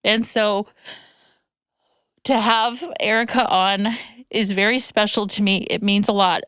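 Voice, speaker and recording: Speaking unhurriedly at medium pitch with a steady tone, she sounds a bit bright, clear, and resonant, captured in studio quality on a podcast mic without echo. She's a podcast host in her thirties whose casual chat turns into rambling, emotional storytelling, and she gets tearful while talking.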